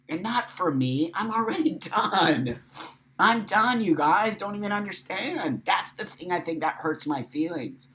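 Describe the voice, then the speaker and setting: Slow, impassioned middle-aged man ranting. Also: on the high side, a bit bright. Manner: emphatic, profane, emotional, repetitive. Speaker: host. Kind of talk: impassioned live-stream monologue.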